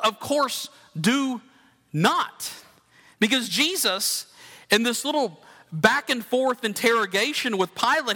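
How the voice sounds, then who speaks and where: A man preaches a sermon, earnest and conversational, turning to his listeners with direct questions. His voice sits high and bright. It rings out with the long reverb of a large hall. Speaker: pastor.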